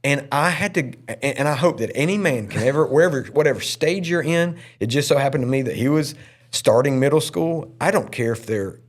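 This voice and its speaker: A male pastor and podcast host shares a story from his own life. He is candid and heartfelt. His pitch moves through a wide, animated range around an ordinary middle register. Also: brisk. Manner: earnest and emotional, with lively pitch swings.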